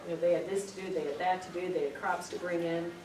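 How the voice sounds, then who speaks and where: A woman's voice: lowish voice, steady tone, fast talker. A middle-aged woman giving an earnest, storytelling spiritual talk to a group, repeating words for emphasis. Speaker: spiritual speaker. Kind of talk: informal spiritual teaching to a group. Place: meeting room. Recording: echoey room, distant mic, noisy.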